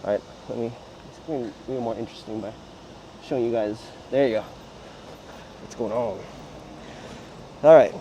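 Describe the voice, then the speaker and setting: A man's voice: mid-range voice, normal speed, pauses often, mellow, dull audio, a little hiss or hum. A man hosting a casual livestream outdoors on city streets, chatting in a rambling way with lots of fillers. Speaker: livestream host.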